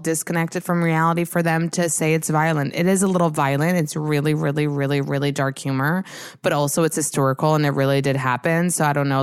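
A woman's voice: low voice, clean tone, dry recording, studio quality. A young woman hosting a podcast, telling a story in a casual solo rant, chatty and self-mocking with plenty of swearing. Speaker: podcast host.

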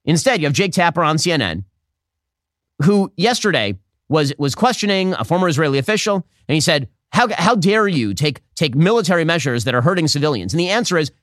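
A man hosting a political commentary show, arguing fast with a sarcastic, combative edge. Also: sits high, fairly bright tone, no room sound, clean studio sound. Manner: rapid, sarcastic, argumentative. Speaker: podcast host.

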